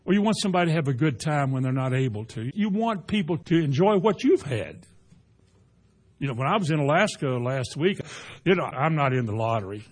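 A man preaching a folksy sermon, rising to loud emphatic peaks. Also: fairly high pitch, expressive, fairly quick, husky. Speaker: pastor.

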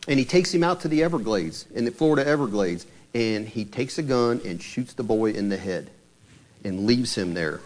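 A man's voice: lowish voice, animated, normal speed. A man preaching a sermon, retelling a true story in a conversational, dramatic way. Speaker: pastor.

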